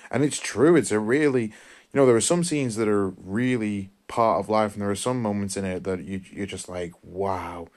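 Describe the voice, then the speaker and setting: A man's voice: lowish voice, normal speed, darkish tone. A man hosting a podcast, giving a casual, enthusiastic and rambling spoken film review. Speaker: podcast host.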